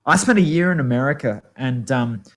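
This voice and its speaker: A man's voice: mid-range voice, animated, fairly quick, fairly bright tone. A man from Australia with a mild, rounded Australian accent, co-hosting a casual chat show in an easygoing way. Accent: Australian, mildly rounded. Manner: easygoing, apologetic, laughs often. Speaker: co-host.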